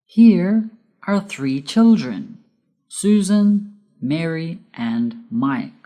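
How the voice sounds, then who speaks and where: A woman with a low, mellow voice reads out a grammar lesson at an unhurried pace. Her first language is Spanish, and she spells out letters one by one and leans on the key words. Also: animated. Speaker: English teacher. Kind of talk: slow scripted grammar lesson.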